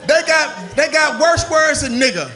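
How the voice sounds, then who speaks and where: A male stand-up comedian performing a set with an animated, punchy delivery. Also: very high voice, measured pace, a crowd in the background.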